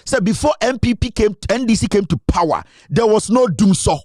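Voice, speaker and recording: Ghanaian male commentator, high voice, emphatic and insistent, dry close sound. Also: lively intonation, brisk, darkish tone, no echo. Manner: emphatic, code-switching, reads out quotes. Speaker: political commentator. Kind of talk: political commentary.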